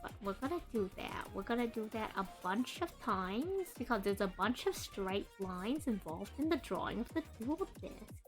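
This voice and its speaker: A young adult woman streaming while she draws, chatting and rambling to her viewers in a deliberately adopted voice and cadence. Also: mid-range voice, animated, soft background music. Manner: chatty, rambling, greets chat by name. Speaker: streamer and artist. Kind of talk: casual live-stream chat while drawing.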